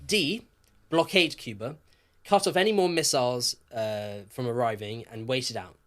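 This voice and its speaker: A man co-hosting a podcast, telling history casually in a jokey, animated way. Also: medium pitch, moderate pace. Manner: lively, jokey, swears, laughs often. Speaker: podcast co-host.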